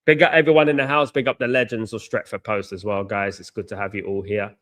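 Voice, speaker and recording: A man's voice: on the low side, fairly even intonation, fast talker, fairly bright tone. A man hosting a live football watchalong, chatting casually, thanking viewers and often repeating himself. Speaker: watchalong host.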